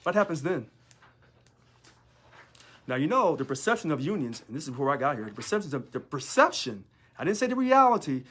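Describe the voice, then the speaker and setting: A man's voice: on the high side, sing-song, brisk, pauses often, fairly bright tone, husky. A man, a union local leader, talking in a sarcastic monologue full of rhetorical questions. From United States. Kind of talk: casual monologue video.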